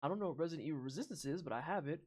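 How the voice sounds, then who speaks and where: A woman streamer reacting to game trailers live, rambling and swearing with animated asides to chat. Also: deep voice, very fast, slightly rough.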